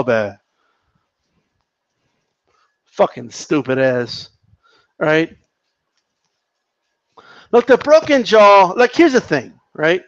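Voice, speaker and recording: Heated, profane man ranting, high voice. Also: huge pitch swings, drawn-out words, long pauses, no room sound, dull audio. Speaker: boxing commentator reading chat. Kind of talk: casual live-stream rant.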